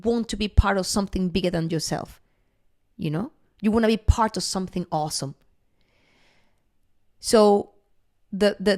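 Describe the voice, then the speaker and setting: A woman speaks as a guest in a podcast conversation, earnest and encouraging. Her voice sits at a middle pitch for a woman. She pauses often with soft fillers while she gathers her thoughts.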